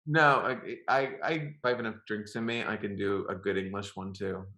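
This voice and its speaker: A man's voice: fairly low pitch, steady tone, brisk, bright, forceful tone. A man co-hosting a podcast in casual chat, joking and laughing often. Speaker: podcast co-host. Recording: roomy echo.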